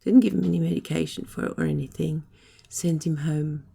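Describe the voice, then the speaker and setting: Middle-aged woman vlogging while sick, super gravelly raspy voice, out of breath, lots of ums. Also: low-pitched, fairly even intonation, fairly quick, warm tone. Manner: rambling, apologetic, frequent ums. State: hoarse and short of breath, coughing. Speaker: vlogger recovering from illness. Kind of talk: casual chat to camera.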